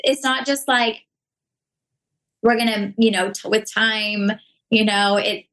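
A woman's voice: on the high side, fairly even intonation, slow pace, a bit bright, poor audio. A woman speaking earnestly and reflectively in a casual podcast conversation, with many fillers. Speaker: podcast guest.

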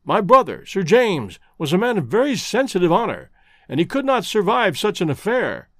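A man voicing a grieving middle-aged colonel who speaks in a halting, earnest way. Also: high voice, very animated, dry recording, studio quality, exaggerated voice.

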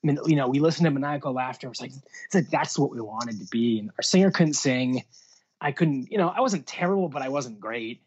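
A music booking agent, appearing as a guest in a casual interview, rambles through stories from his industry career with lots of fillers and restarts. His medium-pitched voice is husky and darkish, animated and brisk, and the recording sounds dull and lo-fi.

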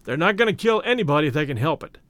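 A measured, earnest peacemaker, as a man puts him on in a storybook reading. His voice sits fairly high and stays lively in pitch. The recording is dry. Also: dry recording.

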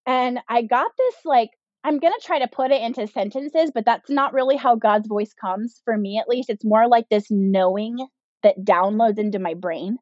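A woman's voice: a little high, moderate pace, a little mellow, no room sound. Candid woman telling her story, lo-fi. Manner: candid, with frequent "like" and "um" fillers. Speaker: podcast guest, business owner. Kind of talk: personal storytelling in an interview. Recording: dull, slightly lo-fi sound.

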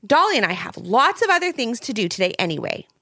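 A woman doing a shrill, excitable little girl. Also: fast, creaky, no room sound, studio quality, heavily acted. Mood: excited.

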